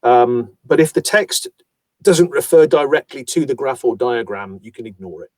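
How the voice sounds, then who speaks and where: A man's voice: mid-range voice, normal speed, dry recording. A man who narrates audiobooks, talking in an interview in a thoughtful, self-deprecating way as he explains his work at length. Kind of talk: conversational interview.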